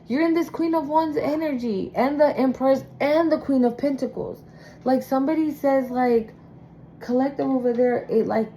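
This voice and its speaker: Tarot reader lady, kinda high voice, warm and mellow, blunt and cusses a lot. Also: a little hiss or hum, low-quality recording. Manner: blunt, profane and emphatic. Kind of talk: casual spoken tarot reading.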